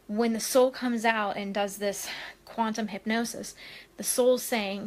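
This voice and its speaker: A woman's voice: medium pitch, fairly even intonation, measured pace. A woman hosting a casual live stream as a spiritual medium, chatting and rambling with lots of fillers, recorded at home on a webcam. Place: home, Maui.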